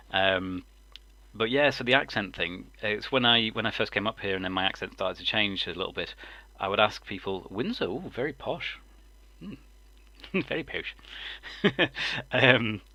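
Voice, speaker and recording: With no room sound, a low, sharp-toned man chats on a live stream. He's a forties-aged Lincolnshire man whose mixed English accent sounds slightly southern, and his casual rambling is full of ums and chuckles.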